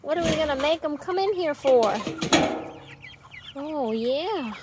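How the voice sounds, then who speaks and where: Woman, very high voice, lively sing-song, slow unhurried coaxing, outdoors by a coop. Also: heavy background noise. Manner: coaxing sing-song baby talk to animals. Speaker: backyard chicken keeper. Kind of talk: casual vlog narration while herding chickens.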